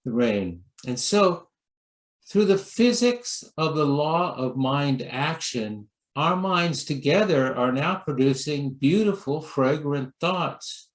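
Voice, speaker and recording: Male pastor, slow gentle sermon storyteller, mid-pitched, roomy echo. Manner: gentle, storytelling, with lively acted quotes. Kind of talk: sermon talk.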